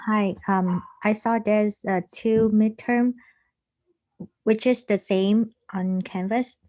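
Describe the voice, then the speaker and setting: Female student, slow, halting question with fillers, dry sound. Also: mid-range voice, fairly even intonation, dark tone, no room sound. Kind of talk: asking a question in class.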